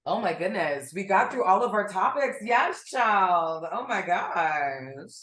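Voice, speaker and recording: A woman co-hosting a casual podcast, talking in an animated, blunt way and swearing freely. Her voice sits in a middle pitch. The room around her sounds echoey. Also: slow. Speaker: podcast co-host.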